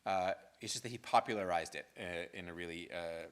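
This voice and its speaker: A man's voice: deep voice, brisk, fairly bright tone, clean tone. Casual conversational male lecturer. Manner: conversational, frequent "right?" and fillers. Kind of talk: university lecture. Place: lecture hall.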